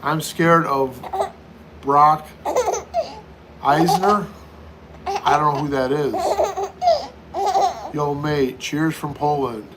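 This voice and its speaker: A man's voice: fairly high pitch, fairly even intonation, drawn-out words, long pauses, very noisy. A middle-aged man hosting a casual livestream, reading viewer comments aloud and answering each one in turn. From United States. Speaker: livestream host.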